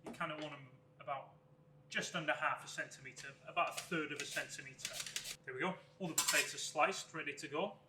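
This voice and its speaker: A man's voice: a little high, fairly quick, echoey room, background noise. Man chef guiding a cooking demo. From Wales. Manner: relaxed step-by-step instruction. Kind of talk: cooking demonstration.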